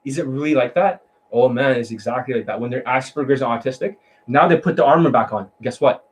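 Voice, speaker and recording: Male dating coach, mid-pitched, blunt and profane, mocks his students. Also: fast, low-quality recording. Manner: mimics voices to demonstrate. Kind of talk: coaching monologue.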